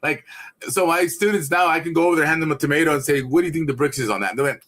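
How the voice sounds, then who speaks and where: A man's voice: on the high side, rapid-fire, fairly bright tone. A man who teaches gardening, a guest on a casual livestream chat, rambling and enthusiastic with lots of restarts.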